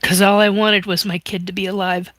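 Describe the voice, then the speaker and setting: A middle-aged woman hosting a livestream, talking haltingly and getting choked up and sniffly as she tells her story and reads out viewer comments. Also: mid-range voice, little pitch movement, fairly bright tone, no room sound. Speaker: livestream host. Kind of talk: emotional livestream monologue. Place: home livestream.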